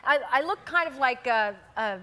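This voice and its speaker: A woman in her fifties, a talk show guest telling an animated story and laughing often in a TV studio. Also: sits high, normal speed, a little hiss or hum. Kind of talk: late-night interview chat. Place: television studio.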